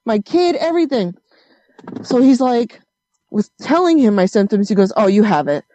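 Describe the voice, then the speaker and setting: A woman's voice: a little high, moderate pace, no echo. Swearing woman telling a story. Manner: animated, swearing, acts out quoted voices. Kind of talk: casual storytelling chat.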